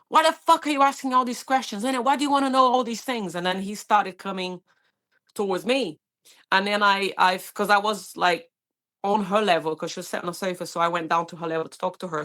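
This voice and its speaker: Woman, paramedic, animated storyteller, lowish voice, many restarts. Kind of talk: storytelling in a podcast interview.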